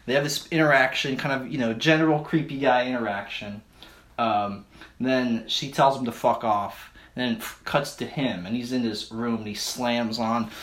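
On a comedy podcast, a male co-host rambles through a made-up movie plot, words running together in a slightly slurred way. His middle-pitched, fairly bright voice keeps fairly even intonation at a moderate pace. He laughs through his lines and keeps slipping into silly character voices.

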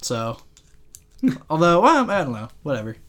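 A man hosting a comedy podcast, rambling through an absurd story in a deadpan way with lots of fillers. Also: on the high side, normal speed. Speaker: podcast host. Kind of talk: casual comedy podcast chat.

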